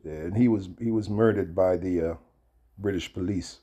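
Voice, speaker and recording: Deep-voiced man in his fifties, husky, halting delivery with fillers, casual video commentary. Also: dark tone. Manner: halting, with many fillers and restarts. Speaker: video host. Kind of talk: casual commentary and reading aloud.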